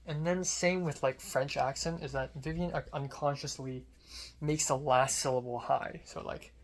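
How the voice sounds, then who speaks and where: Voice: mid-range voice, steady tone, normal speed. A young adult student filmmaker telling a casual vlog story in a rambling way, full of fillers and restarts.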